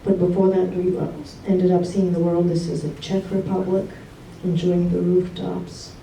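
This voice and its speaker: A woman gives a memorial speech for her husband, her stories fond and often broken by laughter. Her voice is mellow, picked up from a distance in a roomy hall with a faint hum behind it. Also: on the low side, little pitch movement, normal speed. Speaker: widow giving a eulogy.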